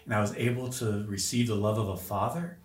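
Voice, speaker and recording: Appearing as a podcast guest, a man shares an emotional personal story, earnest and searching, often restarting his sentences. His voice is on the low side and fairly quick, and the room gives off a noticeable echo.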